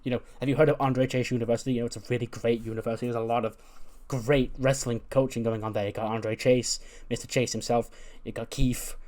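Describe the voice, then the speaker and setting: A bubbly, over-eager young woman recruiter gushes a rapid sales pitch, as a male streamer puts her on. Her words tumble out at speed. It is a casual voice in a game recap. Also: level tone, a little mellow, natural voice. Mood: excited. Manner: gushing, fast sales pitch.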